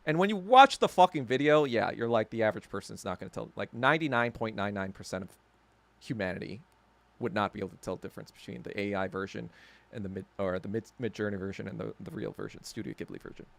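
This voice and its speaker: A podcast host with a lowish, creaky voice speaks fast, telling a story as a heated, profane casual rant. He's sarcastic throughout and laughs at himself along the way.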